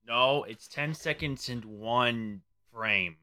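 A man's voice: mid-range voice, slow, sharp tone, clean tone. A man hosting his own show in casual livestream chat, rambling and offhand, sometimes stumbling over his words. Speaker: host.

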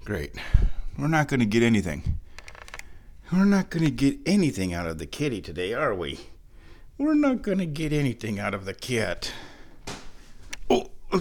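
A man hosting his own show from home, rambling casually as he walks between rooms and talks to his cat in a high baby voice. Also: big pitch swings, normal speed. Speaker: podcast host.

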